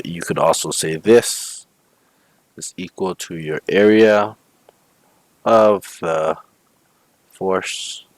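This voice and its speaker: In a dry recording, a man who teaches physics walks students through their homework one step at a time, frequently asking "okay?" and "right?". His voice sits low.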